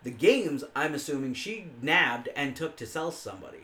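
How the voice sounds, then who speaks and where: A man's voice: on the high side, lively intonation, normal speed, pushed and bright, reverberant. Young man telling crude stories. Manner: crude storytelling, heavy swearing. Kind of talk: casual chat.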